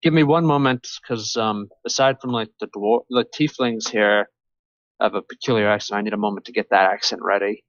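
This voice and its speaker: A man running a tabletop role-playing game as game master, describing scenes with many pauses and fillers. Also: on the low side, steady tone, no room sound, highs cut off. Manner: hesitant, many ums and restarts. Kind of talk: narrating a tabletop game over voice chat.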